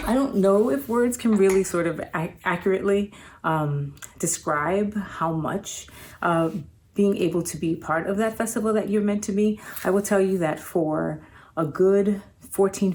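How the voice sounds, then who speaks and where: A woman giving a grateful spoken tribute, searching for words with frequent pauses. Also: fairly low pitch, darkish tone. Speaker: performer giving a video tribute. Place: home outdoors among trees.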